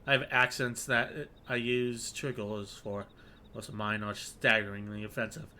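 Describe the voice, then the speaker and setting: A man's voice: on the low side, little pitch movement, normal speed, pushed and bright, a little hiss or hum. A man chatting casually while playing a game, joking and swearing at himself. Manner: joking, swears, self-deprecating. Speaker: gamer reading game dialogue. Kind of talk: casual let's-play chat.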